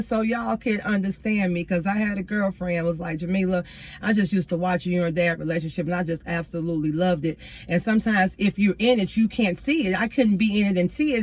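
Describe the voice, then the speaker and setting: A woman, a teacher, sitting in her car and telling a personal story to viewers in a casual, earnest and reflective way, with spiritual turns. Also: medium pitch. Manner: casual, addresses viewers as y'all. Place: inside a parked car.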